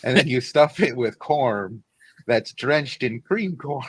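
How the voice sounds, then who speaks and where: A man's voice: mid-range voice, animated, slow, a bit bright, a little hiss or hum, low-quality recording. A man chatting and joking on a casual podcast panel.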